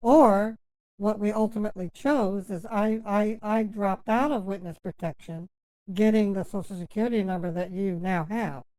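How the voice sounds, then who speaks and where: A woman on a phone call, rambling through a long story and halting often, stammering and restarting her sentences with many fillers. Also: medium pitch, dark tone, dry recording. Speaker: scambaiter posing as a victim.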